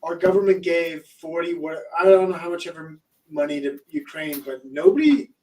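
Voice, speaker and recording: A man rambles hesitantly through a casual podcast chat. He is recorded well away from the mic, and his voice is a little high and mellow. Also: normal speed, distant mic, rough recording. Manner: rambling, hesitant, fillers and restarts.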